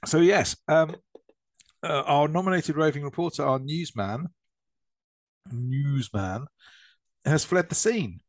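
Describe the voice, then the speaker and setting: A man from England co-hosting a casual gaming podcast, jokey and swearing freely. His pitch jumps around a lot as he talks. The sound is close and dry with no room echo. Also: expressive, takes it slowly, long pauses. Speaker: podcast co-host. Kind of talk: casual banter. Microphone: remote call mic.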